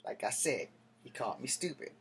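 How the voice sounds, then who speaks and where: A man's voice: medium pitch, sing-song, brisk, slight background noise. A man in his thirties telling a story to camera, rambling and heated, with plenty of cursing. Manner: profane, heated, digressive street talk. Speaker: vlogger.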